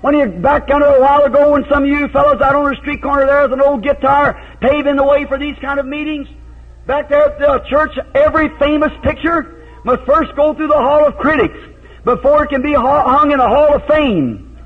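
High-voiced preacher on old tinny tape. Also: male voice, steady tone, a little fast. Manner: folksy storytelling, breaking into shouted hallelujahs. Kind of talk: revival sermon.

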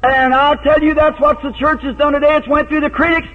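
A man preaching a revival sermon in a folksy storytelling way, breaking into shouted hallelujahs. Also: very high-pitched, flat delivery, fairly quick. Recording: tinny phone-like old tape.

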